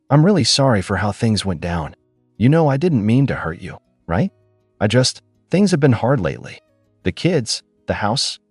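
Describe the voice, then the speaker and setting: A man's voice: medium pitch, a little mellow, breathy edge, dry recording. A man reading a pleading, guilt-tripping sister. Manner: pleading, apologetic.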